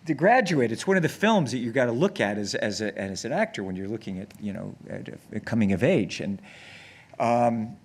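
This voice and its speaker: A man guest on stage, telling long rambling anecdotes with many restarts and growing excited as he goes. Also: medium pitch, fairly quick. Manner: grows excited and laughs when telling stories. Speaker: actor guest. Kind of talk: casual on-stage conversation. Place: on stage before an audience.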